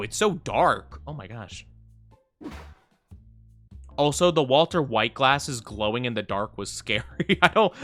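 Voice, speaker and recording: Brief: young male streamer, bright, bouncy, rambling chat. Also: medium pitch. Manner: chatty, rambling, giggly, thanks viewers often. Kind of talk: casual live-stream chat while gaming.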